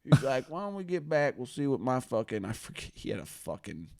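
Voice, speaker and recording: A man hosting a casual chat, telling a wild story full of swearing and loudly acted-out quotes. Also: medium pitch, brisk, vocal fry. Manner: profane, animated storyteller, acts out quotes loudly. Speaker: host.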